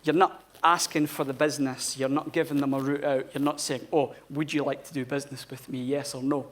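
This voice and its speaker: A man's voice: mid-range voice, little pitch movement, brisk. A man giving a live conference talk in a blunt, informal manner, swearing freely. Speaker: conference speaker. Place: conference hall.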